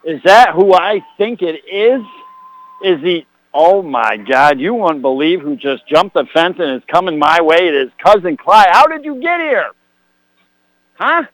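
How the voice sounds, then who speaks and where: A man doing live high school football radio commentary from a broadcast booth, folksy and joking. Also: a little slow, no room sound, low-quality recording. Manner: folksy, jokey asides. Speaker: play-by-play announcer. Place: press box broadcast booth. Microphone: broadcast headset.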